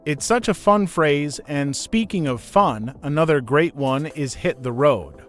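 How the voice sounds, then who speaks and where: A man's voice: on the high side, expressive, a little slow, faint music behind. Upbeat man co-hosting an English lesson. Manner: upbeat, introduces each new phrase. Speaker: co-host and English teacher. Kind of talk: scripted podcast lesson.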